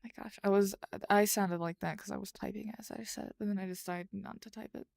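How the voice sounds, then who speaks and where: A woman live-streaming from home late at night, rambling and thinking aloud as she types and answers chat. Her voice is gravelly and mellow, and she takes her time with each phrase. The sound is close and dry. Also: medium pitch, steady tone, brisk, no room sound. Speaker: streamer and writer. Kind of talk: casual live-stream chat while writing.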